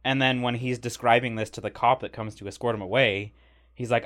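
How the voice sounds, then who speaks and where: A man's voice: medium pitch, fairly even intonation, fairly quick, a bit bright. A man co-hosting a podcast in casual chat, retelling viral videos by acting out the people in them. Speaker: podcast co-host.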